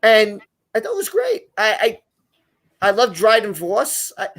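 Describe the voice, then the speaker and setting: A man's voice: high-pitched, huge pitch swings, a little slow, a bit bright. A man hosting a live online show, talking casually and rambling with many restarts and repeated words. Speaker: podcast host.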